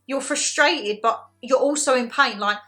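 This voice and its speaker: A young woman chatting casually in a haul video, animated and self-deprecating, laughing often as she talks. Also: sits high, normal speed. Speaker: haul vlogger.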